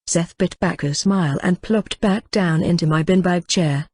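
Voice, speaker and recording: A woman reading a novel aloud in first person, as a steady storytelling narration. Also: on the low side, normal speed, slightly rough, no room sound. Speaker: audiobook reader.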